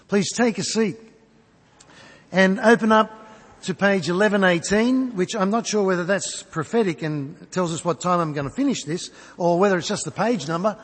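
A man's voice: high-pitched, normal speed, breathy edge. A man in his fifties with an Australian accent, preaching a sermon as a conversational, self-mocking storyteller in a church. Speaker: pastor. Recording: long reverb in a large church.

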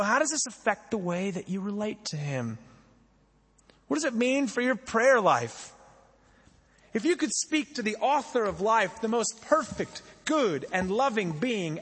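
A young male pastor preaches in an easy, conversational way and keeps turning questions back to his congregation. His voice sits high and has a breathy, husky edge. Each word trails off into the long reverb of a church hall. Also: fairly bright tone. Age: young adult. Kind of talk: sermon.

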